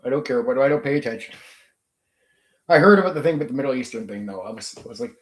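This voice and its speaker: A man's voice: mid-range voice, fast talker. Profane ranting man in an echoey room. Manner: blunt, heavily profane, venting. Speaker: channel host. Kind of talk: casual ranting livestream chat.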